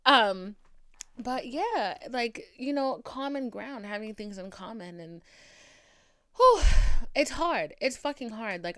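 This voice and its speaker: A young woman from the Boston area hosts her own podcast in a slight Boston accent. She rambles candidly and swears freely. Her voice is smooth and clear, recorded close and dry. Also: medium pitch, a bit bright, dry recording. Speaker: podcast host. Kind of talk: casual solo podcast monologue.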